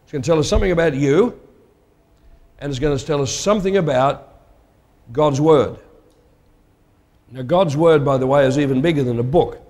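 A man's voice: on the high side, moderate pace, pauses often, a little mellow. A man preaching a sermon in a conversational, emphatic way, putting questions to his listeners. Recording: long hall reverb.

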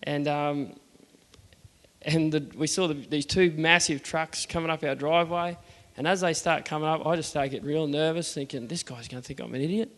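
Australian man, fairly high voice, plain-spoken testimony, hall reverb. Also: steady tone, moderate pace, fairly bright tone. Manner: earnest, plain-spoken, acts out the dialogue. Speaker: churchgoer telling his faith story. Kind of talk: personal testimony storytelling.

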